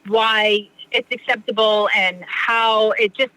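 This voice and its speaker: Woman guest, casual and rambling, bright voice, dry mic. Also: medium pitch, steady tone, slow pace, dry recording, rough recording. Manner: rambling, heavy use of "like" and "you know". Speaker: podcast guest. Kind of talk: casual conversation.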